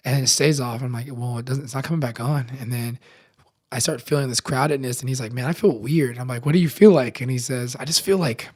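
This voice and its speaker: A young man casually telling a personal story in slangy speech full of fillers, swinging between loud excitement and hushed tones. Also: mid-range voice, fast talker, breathy edge. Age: young adult. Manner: animated, slangy, many fillers. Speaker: podcast contributor.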